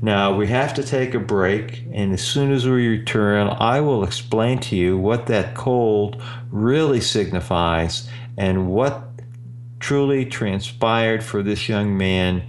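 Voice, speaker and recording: Man, low voice, very slow pace, storytelling host, drawn-out words. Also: slight background noise. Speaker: energy healer radio host. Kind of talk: storytelling monologue. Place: Austin, Texas.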